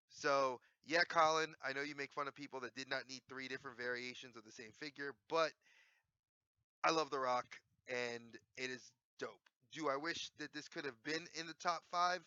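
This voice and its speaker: A man's voice: medium pitch, sharp tone, no echo. A man in his forties, hosting a casual, enthusiastic collector review that rambles with self-corrections. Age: 40s. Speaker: toy collector host. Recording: dry, slightly dull lo-fi sound.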